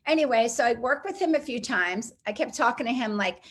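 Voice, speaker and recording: Middle-aged woman, kinda high voice, chatty and animated, telling a story from her life and doing little voices for people. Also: a little fast, breathy edge. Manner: animated, acts out quoted voices. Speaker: interview guest. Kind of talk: personal storytelling in conversation.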